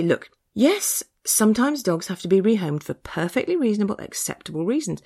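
A woman's voice: medium pitch, a little mellow, husky. A woman hosting a podcast, reading scripted commentary in an opinionated way with sarcastic asides. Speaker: podcast host.

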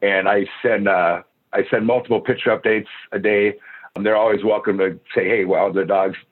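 A man's voice: on the low side, fairly even intonation, normal speed, husky. Man talking over a tinny phone line. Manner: rambling, restarts sentences often. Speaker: dog boarder and pet sitter. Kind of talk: casual chat.

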